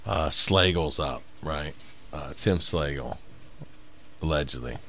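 A man who is a stand-up comic, telling profane, animated stories in a casual podcast chat. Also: a bass voice, slow pace, a little hiss or hum. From South Bend, Indiana.

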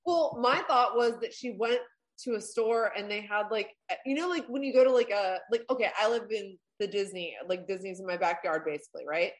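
A woman's voice: medium pitch, a little fast, low-quality recording. A woman co-hosting a podcast in casual chat, rambling with many fillers and swearing. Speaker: podcast co-host.

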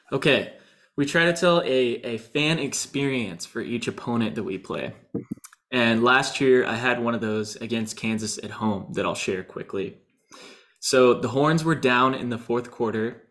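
A man co-hosting a casual sports podcast, telling a fan anecdote in a lively way. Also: mid-range voice. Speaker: podcast co-host.

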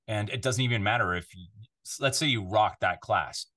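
A Canadian voiceover artist with a lowish voice talks briskly and casually as a podcast guest, speaking from the control room of his home recording studio. He rambles, restarts his sentences often, and gets animated when telling stories during the interview chat.

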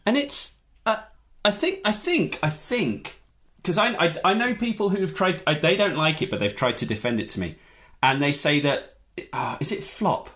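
A man in a casual chat, ranting in an animated, exaggerated comic way. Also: fairly high pitch, moderate pace.

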